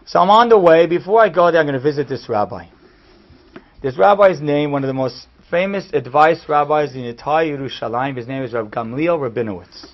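A man, a rabbi giving a class, telling a story in an animated way that swings from hushed to loud. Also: on the high side, a little fast. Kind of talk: storytelling lecture. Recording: dull lo-fi recording.

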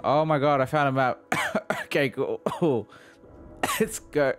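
A young man giving profane, excitable let's play commentary, laughing and mocking as he plays. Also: mid-range voice, slow, faint music behind. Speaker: gaming video host.

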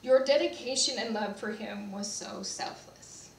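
A woman with a fairly high voice tells heartfelt stories in a eulogy at a memorial service. She sounds far from the microphone in a reverberant church, with faint background noise. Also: measured pace, vocal fry. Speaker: senior care community staff manager. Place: church sanctuary.

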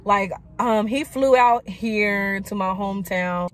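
Brief: woman vlogger, casual storytime, rambling and chatty, middle pitch. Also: takes it slowly. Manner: chatty, many likes and quoted asides.

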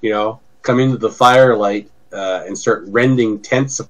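A man running an online tabletop game as game master, talking haltingly and often saying okay. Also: on the low side, slight background noise.

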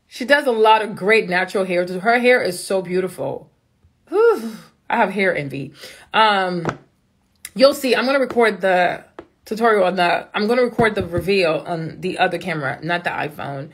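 Woman, mid-pitched voice, bubbly casual live-stream chat, excitable, jumps into high squeals, phone mic. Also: normal speed, breathy edge. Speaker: makeup brand owner.

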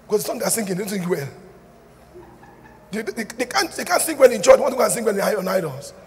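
In a large church hall, a middle-aged pastor with a high-pitched voice preaches fast, animated and jokey, shouting and acting out little dialogues. The recording has hall reverb, faint ambience and slight background noise.

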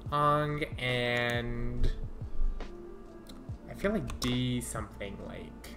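A woman with a strikingly deep voice chats casually as she plays, thinking out loud and giggling at her own ideas. She talks at an unhurried, easy pace into a desk microphone, with faint music playing behind her. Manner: muses aloud, trying out names, quick to giggle. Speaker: streamer. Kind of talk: casual gameplay commentary.

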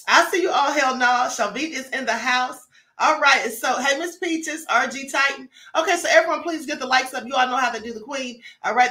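A woman hosting a chatty livestream, with a high voice and a bright, forceful tone. She greets her viewers by name as she talks, and the sound rings in an echoey room. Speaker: livestream host. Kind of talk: casual livestream commentary.

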